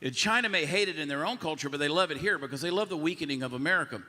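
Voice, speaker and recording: A man's voice: fairly high pitch, racing, pushed and bright, big-room sound. A man on a live panel talking at length, rambling with restarts and extended analogies.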